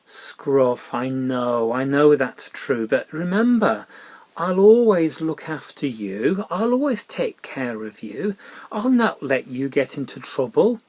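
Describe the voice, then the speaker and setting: A man giving a gentle children's Bible talk with a puppet, soft and coaxing like a parent, often dropping into whispered asides. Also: mid-range voice, big pitch swings, slow pace.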